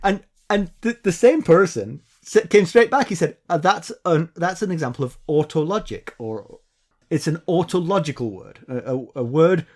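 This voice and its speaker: A man's voice: on the high side, expressive, normal speed, darkish tone. A man co-hosting a podcast in casual chat, playfully explaining word trivia with relish. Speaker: podcast co-host.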